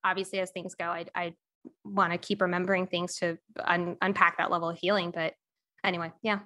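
A young adult woman, a podcast guest and coach, telling a painful personal story candidly, with many pauses and fillers. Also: on the low side, flat delivery, sharp tone.

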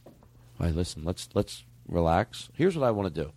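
A man's voice: low voice, big pitch swings, moderate pace, a little mellow. A man hosting a comedy podcast, rambling and profane, often laughing at himself mid-sentence. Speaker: podcast host. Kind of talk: casual comedy podcast banter.

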